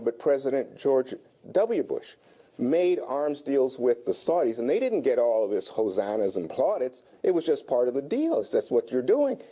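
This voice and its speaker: A man's voice: mid-range voice, dark tone. A man arguing his case on a televised political panel, pushing back with emphatic points. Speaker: political commentator. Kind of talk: broadcast panel discussion.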